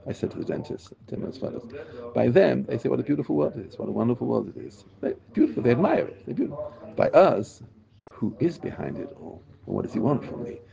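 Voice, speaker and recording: A man teaching a religious class, talking in an animated, emphatic way and often repeating himself. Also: mid-range voice, fast, gravelly, lo-fi sound, a crowd in the background. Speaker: Torah teacher.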